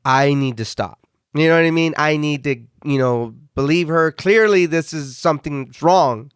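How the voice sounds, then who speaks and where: A man's voice: on the high side, normal speed, clear, resonant tone, no echo, studio quality. A man co-hosting a horror podcast who backs the others with short agreements and gripes in frustration about a character. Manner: frequent yeahs, frustrated griping. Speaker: podcast co-host. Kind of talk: casual chat.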